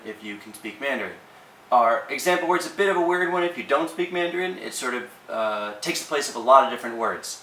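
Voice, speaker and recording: Guy walking through a language lesson, bright voice, echoey room, mic kinda far off. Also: medium pitch, slight background noise. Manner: relaxed, with frequent ums and uhs. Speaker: language teacher. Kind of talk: casual explanatory lesson.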